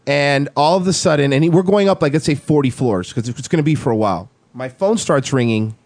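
A man's voice: a little high, brisk, no room sound. A man co-hosting a casual podcast chat, telling stories in a loose, profane way. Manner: animated, profane storytelling. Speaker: podcast co-host.

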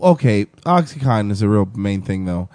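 A man hosts a casual podcast chat, teasing and crude with quick jokes. His pitch moves a lot as he talks. The sound is dry and close. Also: big pitch swings, darkish tone, no echo. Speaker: podcast host.

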